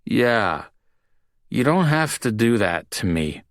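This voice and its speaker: A man's voice: medium pitch, sing-song, takes it slowly, no room sound, studio quality, pitched above the performer's own voice. A man reading an audiobook, voicing a drunk, self-pitying young bartender who mumbles and slurs. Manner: slurred, mumbling. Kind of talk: audiobook character voice.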